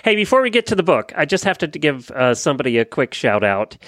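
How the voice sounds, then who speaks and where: A man hosting a podcast, chatting in an easygoing way and giving plugs and shout-outs. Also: fairly high pitch, sing-song, fast, no echo, clean studio sound. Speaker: podcast host. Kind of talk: casual chat.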